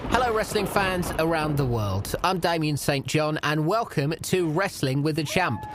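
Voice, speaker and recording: Male podcast host, straight man to a comic partner; lively intonation. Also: on the high side, normal speed, background noise. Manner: patient straight man, flustered when pressed. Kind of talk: scripted comedy podcast dialogue.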